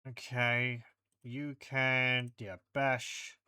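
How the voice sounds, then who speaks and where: Slow-talking man narrating his gameplay. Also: medium pitch, little pitch movement, bright, forceful tone, clean tone, dry recording, clean studio sound. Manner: thinking aloud, reading game text and combat results. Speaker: let's play host. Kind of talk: casual gameplay commentary.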